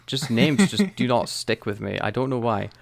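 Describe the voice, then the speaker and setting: A man's voice: mid-range voice, lively intonation, moderate pace, creaky, dry recording. A Scottish man co-hosting a podcast, chatting casually and hesitantly about a TV episode, laughing often. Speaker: podcast co-host. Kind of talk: casual chat reviewing a TV episode.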